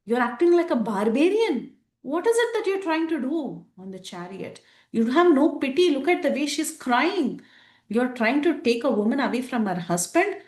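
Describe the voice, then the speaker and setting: A woman's voice: sits high, sing-song, normal speed, a little mellow, roomy sound, pitched above the performer's own voice. A woman voicing a male monkey warrior hero who scolds in an indignant tirade. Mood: outraged.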